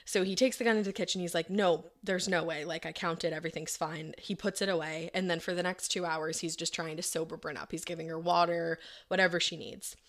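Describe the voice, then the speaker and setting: A woman with a lowish voice and a gravelly edge walks a co-host through a true crime case. She talks casually, quoting the people involved in her own everyday voice. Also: steady tone, fairly quick, hardly any pauses, a bit bright. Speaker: podcast co-host telling the case.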